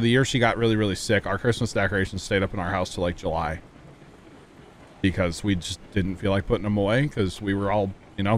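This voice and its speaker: A male streamer with a fairly low voice talks in a relaxed, easygoing way. He chats casually with his co-player and thanks viewers by name, turning reflective at times. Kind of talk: casual livestream chat.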